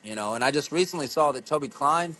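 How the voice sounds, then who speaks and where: A man in his thirties from the United States, a guest on a casual podcast interview, telling stories in an excitable, profane way. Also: on the high side, fast, rough recording. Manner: profane, excitable storytelling with acted-out quotes. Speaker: podcast guest, pro wrestler.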